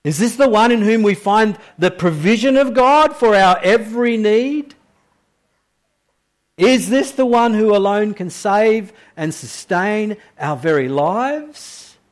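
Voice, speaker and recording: A man with a somewhat high-pitched voice preaches a sermon. He lifts his voice with urgent questions, then drops to a quiet, slowed delivery, repeating key phrases for weight. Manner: preaching that swings from raised, urgent questions down to hushed, slow emphasis.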